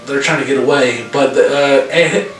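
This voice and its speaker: A man casually recapping a horror film's plot, profane and animated, with lots of fillers. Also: medium pitch, normal speed. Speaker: podcast co-host reviewing a horror film. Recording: very echoey room, far from mic, music behind.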